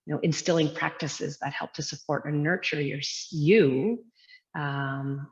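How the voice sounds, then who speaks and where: Brief: woman, 30s, yoga teacher guest, low voice, earnest, reflective, long echo, dull lo-fi audio. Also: fairly even intonation, a little slow. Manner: earnest, reflective, with frequent fillers. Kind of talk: casual interview talk. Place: her yoga studio. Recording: dull lo-fi sound with long echoey reverb.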